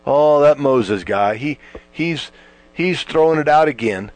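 Preacher, male, animated pitch, stretches words for emphasis, mains hum in the background. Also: measured pace, no room sound. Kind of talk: sermon.

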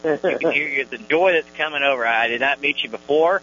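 A man's voice: mid-range voice, a little fast, bright, forceful tone. A man co-hosting a religious radio show, speaking in an affirming, friendly way. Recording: dull lo-fi radio sound with faint hum.

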